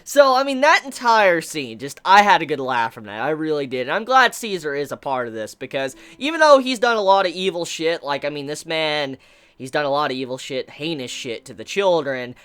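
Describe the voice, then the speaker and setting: A woman reviewing a manga chapter in a casual vlog, excitable and profane, often breaking into laughter. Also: sits low, a little fast, clean tone.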